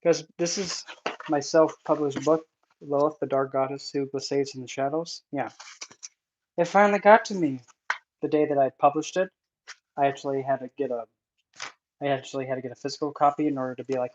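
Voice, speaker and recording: A man's voice: medium pitch, steady tone, brisk, long pauses. A man unboxing his self-published book in a casual vlog, nervous and emotional, exclaiming as he goes. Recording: dull lo-fi sound with faint noise.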